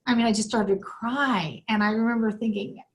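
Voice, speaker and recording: Middle-aged woman, podcast guest, earnest, animated storytelling, fairly high voice. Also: brisk. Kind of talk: emotional personal storytelling.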